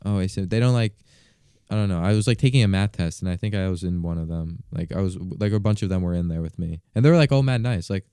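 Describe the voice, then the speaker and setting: A teenage boy chats as a podcast guest in a low, smooth, mellow voice. He rambles loosely and pads his sentences with "like". The sound is dry and close. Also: quick pace, dry recording. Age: teens. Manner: rambling, full of "like" fillers. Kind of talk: casual chat.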